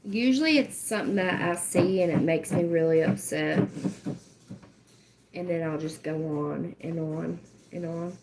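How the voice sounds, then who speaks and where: A woman's voice: on the low side, measured pace, background noise. A woman hosting a casual livestream, joking, laughing often and swearing playfully. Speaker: livestream host.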